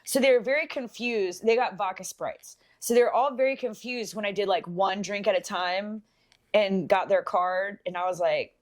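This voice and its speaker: A young woman co-hosting a podcast, telling a bartending story in a casual, swearing, animated way. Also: mid-range voice, moderate pace. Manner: swears freely, animated when quoting people.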